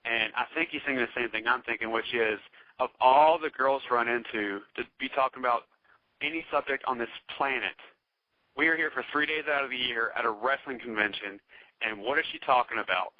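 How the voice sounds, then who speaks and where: Man, Southern US accent, rambling profane storyteller, mid pitch, muffled dry recording. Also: a little fast, no room sound. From Charlotte, North Carolina. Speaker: podcast guest. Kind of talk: casual storytelling chat. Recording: dull, dry podcast audio.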